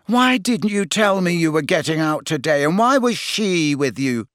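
A man's voice: on the high side, animated, normal speed, fairly bright tone, no room sound, studio quality, pitched above the performer's own voice. A man voicing a jealous teenage girl who speaks reproachfully.

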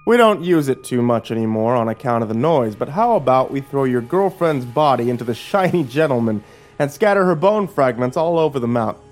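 A man's voice: mid-range voice, lively intonation, a little fast, darkish tone, pitched above the performer's own voice, lightly acted. A man voicing a cruel, mocking middle-aged sheriff who drawls his threats in a horror story. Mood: menacing.

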